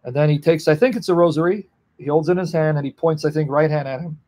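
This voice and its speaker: A man's voice: fairly high pitch, fast talker, dark tone. A man teaching the Bible on a livestream, earnest and emotional, answering viewers in the chat by name.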